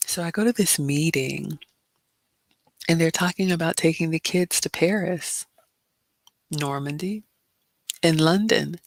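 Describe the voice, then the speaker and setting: A woman's voice: deep voice, dry recording. A middle-aged woman hosting a casual livestream Q&A, giving chatty advice with lots of fillers. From immigrant. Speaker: livestream host.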